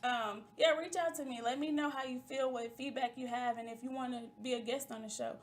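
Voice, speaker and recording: A woman's voice: high-pitched, steady tone, a little fast. A woman hosting a talk show in a chatty, playful manner, talking straight to her listeners. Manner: chatty and playful, calls listeners "y'all" and "baby". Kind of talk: casual chat.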